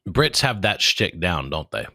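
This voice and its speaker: Podcast host, man, forties: very low voice, bright forceful edge, dry close sound, rambling and jokey delivery. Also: sing-song, unhurried, creaky, no room sound. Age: 40s. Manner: rambling, jokey, restarts words often. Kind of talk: casual chat.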